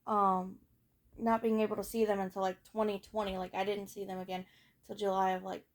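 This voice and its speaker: A teenage woman casually telling her own life story, frank and rambling, with lots of fillers and swearing, often trailing off softly at the ends of thoughts. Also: mid-range voice, little pitch movement, fairly quick. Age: late teens. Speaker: vlogger.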